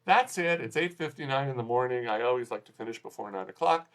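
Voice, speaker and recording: A man's voice: medium pitch, animated, quick pace. A man giving a casual spoken movie review as a film critic, rambling with frequent restarts and fillers. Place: Hong Kong.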